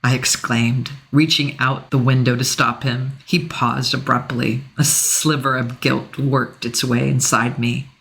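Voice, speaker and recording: Woman, audiobook narrator, low pitch, expressive first-person reading. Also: unhurried, gravelly, hardly any pauses.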